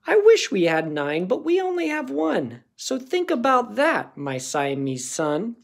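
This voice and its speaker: A man's voice: very high-pitched, wildly swooping pitch, measured pace, gravelly, voice pushed up, heavily acted. A man voicing a worried mother cat in a storybook reading, scolding her son earnestly.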